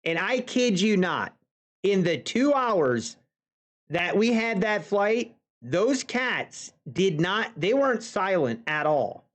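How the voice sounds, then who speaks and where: A man's voice: sits high, big pitch swings, slow, a bit bright. A man telling a casual story to viewers of his live trading stream, chatty, with folksy asides. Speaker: futures trader streaming live. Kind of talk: casual anecdote on a livestream.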